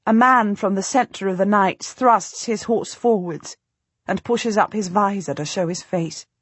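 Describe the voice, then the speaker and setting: Breathy woman narrating an audiobook. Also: mid-range voice, no echo. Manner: measured, storytelling. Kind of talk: first-person scripted narration.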